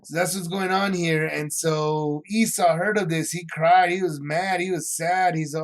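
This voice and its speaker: Male Bible study teacher, fairly high voice, casual and rambling, acts out scenes. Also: steady tone, normal speed, hardly any pauses.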